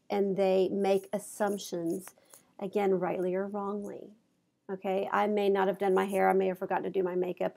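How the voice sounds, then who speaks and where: A woman's voice: mid-range voice, vocal fry, darkish tone. A woman college instructor giving a recorded lecture from her office, a little congested from allergies, talking conversationally through examples with fillers. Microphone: clip-on mic.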